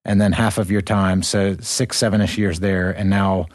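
A male podcast host asks questions and drops in quick, encouraging affirmations. His voice sits fairly low. The recording is dry and close. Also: fairly even intonation, no echo. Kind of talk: casual interview chat.

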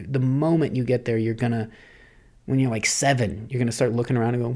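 Male podcast host, gravelly, reflective rambling monologue. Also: mid-range voice, steady tone, fairly quick, a little mellow. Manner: musing, rambling, philosophical.

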